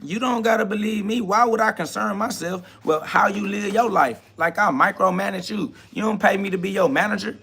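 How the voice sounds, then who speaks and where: A man's voice: high voice, a little fast, creaky, hardly any pauses, sharp tone, breathy edge. A man hosting a live stream, preaching. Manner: swaggering, slangy, talks back to chat comments. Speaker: livestream host. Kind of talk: casual preaching monologue.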